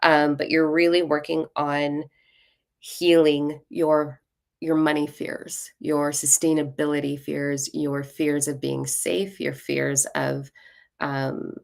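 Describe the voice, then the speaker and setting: In a low, gravelly voice, a spiritual reader hosting a live stream rants bluntly during a casual card reading. She swears freely and is self-mocking and playful.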